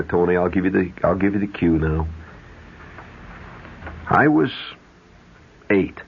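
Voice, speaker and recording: A man hosting a radio show, telling a long rambling story in an animated way and stopping for conversational asides. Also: very deep voice, husky. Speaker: radio host. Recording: dull 1970s radio broadcast.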